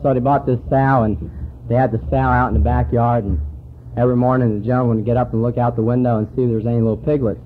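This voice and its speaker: A man's voice: mid-range voice, little pitch movement, quick pace, slight background noise. Folksy man telling jokes at a conference. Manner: folksy joke-telling storyteller. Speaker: conference speaker. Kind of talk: recovery meeting talk with jokes. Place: conference hall. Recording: tinny phone-like hall recording.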